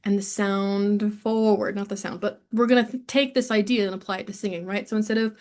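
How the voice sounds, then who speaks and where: A woman's voice: mid-range voice, steady tone, a little fast, few pauses, darkish tone. Chatty young woman teaching singing. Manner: chatty and playful, breaks into sung examples. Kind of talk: casual online singing lesson. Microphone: studio microphone.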